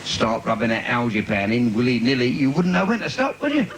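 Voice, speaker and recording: A man doing bawdy stand-up cabaret patter on a theatre stage, with sudden squeaky asides. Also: huge pitch swings, fairly quick. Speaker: stand-up comedian. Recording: noisy 1980s live video.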